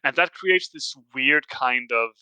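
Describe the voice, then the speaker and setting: A man's voice: mid-range voice, a little slow, pushed and bright, smooth, dry recording, rough recording. A man with a Danish accent chatting casually as a guest on a podcast, talking things through step by step. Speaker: podcast guest, Commander player.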